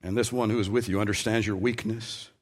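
A man's voice: fairly low pitch, steady tone, brisk. A male pastor preaching a sermon in a conversational way, rising to strong emphasis on key points. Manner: conversational preaching with emphatic rises, ending in soft prayer.

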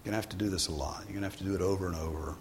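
A male pastor giving a sermon in a conversational way, sometimes rising for emphasis and then dropping low. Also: steady tone, racing, slight background noise. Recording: long hall reverb.

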